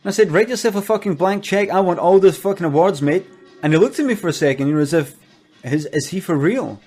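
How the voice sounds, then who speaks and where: A Glaswegian man playing a boastful, foul-mouthed business boss in a rambling comedy monologue full of hesitant fillers that breaks into furious shouting. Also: high voice, animated, fast, soft background music. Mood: indignant.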